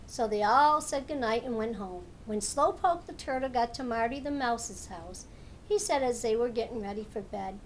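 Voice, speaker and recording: A woman's voice: on the high side, moderate pace, slight background noise. A woman, a children's author, reading her own bedtime storybook aloud in a plain, homely storytelling manner.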